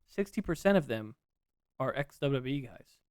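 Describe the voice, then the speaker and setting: A man co-hosting a podcast, chatting about wrestling in an excitable, jokey, rambling way. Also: mid-range voice, normal speed, clear, resonant tone, no echo, clean studio sound. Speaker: podcast co-host. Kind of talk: casual wrestling chat.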